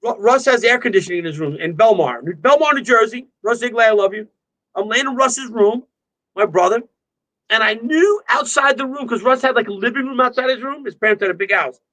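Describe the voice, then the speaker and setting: A man's voice: very high voice, expressive, fairly quick, sharp tone, rough recording. A man from New York, a guest on a livestream chat, talking in a rambling, profane way and laughing often, heard over a video call. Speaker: guest musician.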